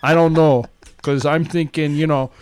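A man's voice: fairly high pitch, fairly even intonation, moderate pace, a little mellow, a little hiss or hum, close to an everyday voice. A man putting on a folksy, beer-loving Canadian newsreader with a Canadian accent, ending lines with "eh". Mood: jokey. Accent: put-on Canadian. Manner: folksy, tags sentences with "eh". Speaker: co-host. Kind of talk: comic podcast bit.

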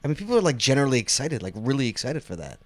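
A man's voice: medium pitch, sing-song, rapid-fire. A man co-hosting a casual chat show, telling a story with lots of laughs and stumbling restarts. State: hiccups. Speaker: podcast co-host.

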